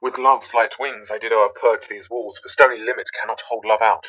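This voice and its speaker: An ardent, impulsive young nobleman, as a man plays him in a homemade animation. He speaks verse in a low, measured voice. The recording is dull, lo-fi and dry. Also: fairly even intonation, breathy edge, no room sound, distant mic. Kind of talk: amateur animation voice acting.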